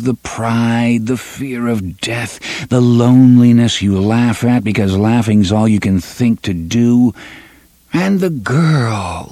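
A man's voice: on the low side, a little mellow, husky, dry recording, full character voice. A man voicing a groaning, horribly persuasive uncanny force that coaxes and tempts. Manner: coaxing, persuasive.

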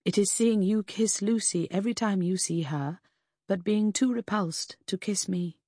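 A woman voicing a scarred, veiled woman who speaks softly and ruefully, in a period audiobook. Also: mid-range voice, normal speed, husky, no room sound, clean studio sound, pitched above the performer's own voice, lightly acted. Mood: wounded. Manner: soft, rueful speech.

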